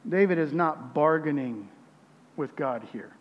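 A man preaching a sermon as pastor, reading scripture with emphasis, his voice swelling loud and then dropping quiet. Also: a little high, animated, a little slow, long reverb tail, muffled recording.

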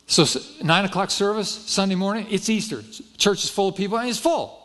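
A man's voice: high voice, fairly quick, a bit bright. Folksy man telling a sermon story. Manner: folksy, self-deprecating storyteller acting out dialogue. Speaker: pastor.

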